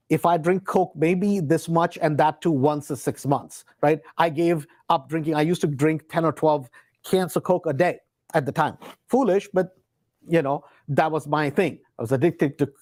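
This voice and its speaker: A man's voice: on the high side, a little mellow, no echo. Man telling a rambling story. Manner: rambling, many fillers and restarts, acts out quotes. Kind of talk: casual storytelling.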